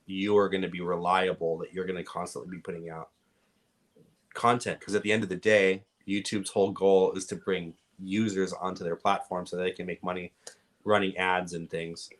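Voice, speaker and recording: A man with a Californian accent, a podcast guest calmly explaining things at length in casual conversation. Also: low-pitched, moderate pace. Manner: relaxed, explanatory, giving advice at length. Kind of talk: casual interview chat.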